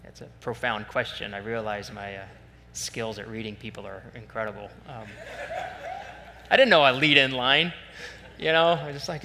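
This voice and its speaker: A man preaching a sermon, telling a story in a conversational, animated way with self-deprecating asides. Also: medium pitch, moderate pace, vocal fry. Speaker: pastor. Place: church sanctuary. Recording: long reverb in a large hall, faint hum.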